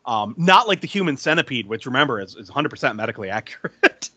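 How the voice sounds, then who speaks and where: A man's voice: medium pitch, big pitch swings, fast talker, bright, forceful tone, slightly rough, no echo. A man hosting a podcast, recapping a movie plot in casual chat, chatty and laughing easily.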